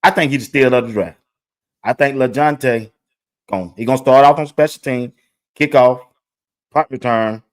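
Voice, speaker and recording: A man hosting a sports talk show, chatting excitedly. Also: mid-range voice, normal speed, long pauses. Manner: excited, chatty, talks to viewers directly. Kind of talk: casual commentary over video clips.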